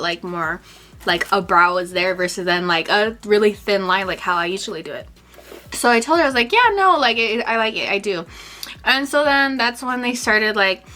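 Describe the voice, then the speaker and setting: A woman's voice: medium pitch, pushed and bright. A young woman telling a story in a chatty vlog, full of fillers and acted-out quotes. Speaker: vlogger.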